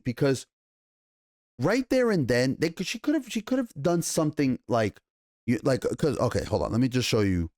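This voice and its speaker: A man giving a casual, excited TV episode review, swearing often, restarting sentences and paraphrasing scenes in slangy voices. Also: mid-range voice, no echo, clean studio sound. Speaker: TV show reviewer.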